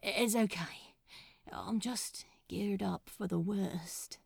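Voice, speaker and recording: A woman reading a story aloud and voicing a weary, self-mocking male demon in a soft, half-whispered voice. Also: mid-range voice, expressive, takes it slowly, vocal fry, no echo, studio quality, heavily acted. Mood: drowsy, hesitant.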